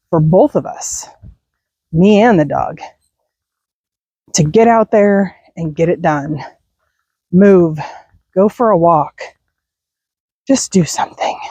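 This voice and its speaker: A woman's voice: fairly low pitch, mellow, husky, no echo. A middle-aged woman chatting casually while walking her dog outdoors at night, laughing and sighing often. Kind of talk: casual walk-and-talk chat.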